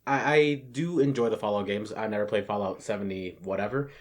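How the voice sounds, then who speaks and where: A man's voice: on the low side, brisk, slight background noise. A man co-hosting a casual podcast, laid-back and laughing often, swearing now and then. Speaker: podcast co-host. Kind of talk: casual chat.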